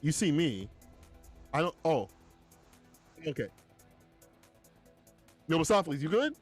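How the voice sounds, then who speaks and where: A man's voice: on the high side, big pitch swings, measured pace, soft background music. A man doing casual esports play-by-play from a small closet at home, slangy and laid-back, talking to his chat. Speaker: esports commentator.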